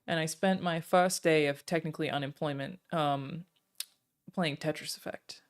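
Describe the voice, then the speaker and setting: Chatty woman streamer, low voice. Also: steady tone. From Australia. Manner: chatty, thanking viewers, frequent "um" pauses. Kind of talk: casual chat with viewers.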